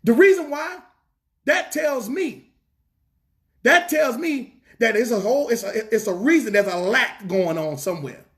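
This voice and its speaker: A man's voice: very high voice, expressive, measured pace, a bit bright. A man preaching a fervent sermon in a church, repeating lines and asking the congregation rhetorical questions, with a Southern US accent.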